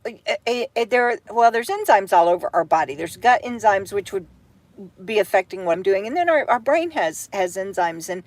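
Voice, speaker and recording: A tired, brain-foggy woman, chatting on a home livestream from bed, halting and full of fillers and restarts as she reads viewer comments. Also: medium pitch, animated, no echo. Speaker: vlogger hosting a livestream. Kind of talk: rambling livestream chat.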